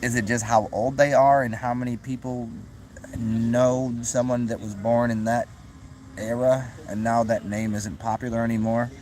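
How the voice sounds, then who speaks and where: A young man talks loosely on a livestream, reading comments aloud, restarting his sentences and breaking into laughter. His voice sits at an ordinary middle pitch. A faint hum runs under the recording. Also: flat delivery, moderate pace, darkish tone. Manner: rambling, restarts, laughs often, swears. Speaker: livestream host.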